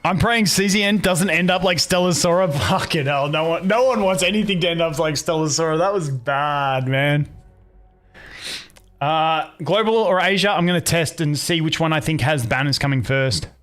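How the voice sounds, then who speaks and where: A young man with a fairly high, fairly bright voice chats casually with viewers on a live stream at a moderate pace. He tells rambling stories packed with swearing, often restarting them mid-thought.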